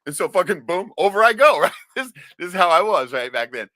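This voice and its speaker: A man from Alaska holds court on his livestream, spinning crude, rambling stories and checking in with "right?" as he goes. His voice is bright and forceful and pitched a little above the usual male range. It comes through dry and close, with no room sound around it. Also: sing-song, fairly quick, no echo. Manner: profane rambling storyteller, says "right?" often. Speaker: livestream host. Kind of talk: casual storytelling chat.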